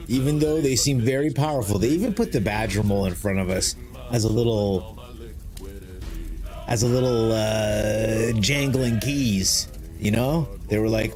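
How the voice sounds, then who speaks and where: A man's voice: on the low side, expressive, moderate pace, darkish tone. A man hosting a casual live stream, rambling and joking as he greets viewers by name. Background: faint music.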